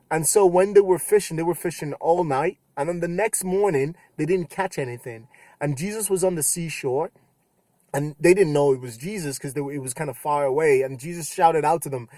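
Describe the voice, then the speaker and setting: Animated young man preaching to youth. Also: on the high side, normal speed, no room sound. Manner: casual retelling with animated quoted voices. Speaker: youth pastor. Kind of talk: youth sermon.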